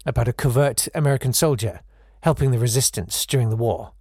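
A man co-hosting a comedy podcast, riffing quickly and jokily with little stammers. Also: medium pitch, darkish tone, breathy edge, dry recording, clean studio sound. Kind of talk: comic riffing.

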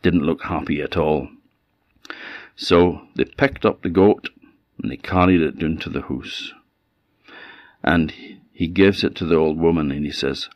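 A man with an Orcadian Scottish accent telling a folk tale in a relaxed, conversational way. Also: extremely low pitch, measured pace, pauses often, dry recording, highs cut off. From Orkney, Scotland. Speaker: storyteller. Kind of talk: oral folk storytelling.

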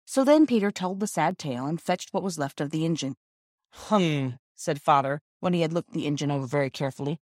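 A woman reading a classic children's novel aloud as an audiobook narrator, with measured storytelling and voices for the characters. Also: sits low, darkish tone, no echo, clean studio sound. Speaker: audiobook reader. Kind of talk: scripted narration.

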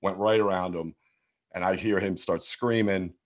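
Deep-voiced man telling stories. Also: fairly even intonation, moderate pace. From Philadelphia, USA. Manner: rambling, heavy swearing, lots of "like" and restarts. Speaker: guest. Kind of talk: casual storytelling in a podcast interview.

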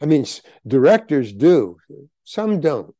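A man's voice: a little high, big pitch swings, measured pace, dark tone, no room sound. An older man, a guest actor telling rambling anecdotes in a casual interview and acting out the dialogue he quotes.

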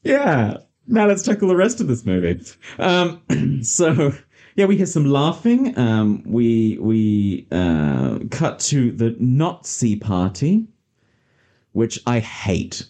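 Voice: medium pitch, sing-song, takes it slowly, warm tone. A podcast host in casual chat, chatty and sarcastic, often laughing.

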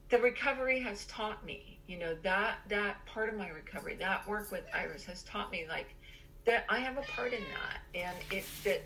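Earnest woman, mid-pitched voice, reflective. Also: fairly bright tone, slight background noise, rough recording. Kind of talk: casual podcast conversation.

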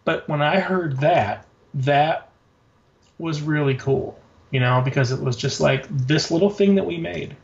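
A man talking casually and excitedly in an interview, rambling with many fillers and frequent swearing. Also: fairly high pitch, unhurried, vocal fry, highs cut off. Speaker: guest, designer and notebook maker.

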